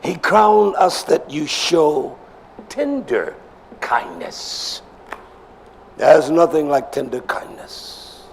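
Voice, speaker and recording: A male preacher delivering an emphatic sermon, swinging between shouts and low murmurs and repeating phrases for emphasis. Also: very animated, drawn-out words, vocal fry, slight background noise.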